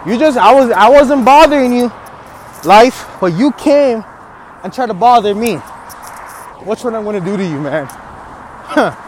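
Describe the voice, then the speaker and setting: A man with a high voice rants in a fired-up, trash-talking way, as if squaring up for a fight. He laughs between his lines. Faint noise sits behind him, recorded outdoors. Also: lively intonation, unhurried, long pauses. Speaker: podcast host. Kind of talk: fired-up motivational rant.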